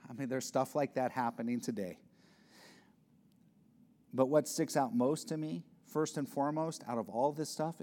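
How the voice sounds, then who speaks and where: Male pastor, mid-pitched voice, earnest and conversational sermon delivery. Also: mellow. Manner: earnest, conversational preaching with restarts and sighs.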